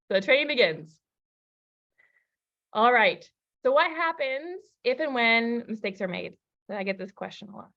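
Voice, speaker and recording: A woman relationship coach teaching a masterclass, telling personal stories in a lively, casual way. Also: fairly high pitch, moderate pace, pauses often, dull audio. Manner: lively storytelling, casual fillers.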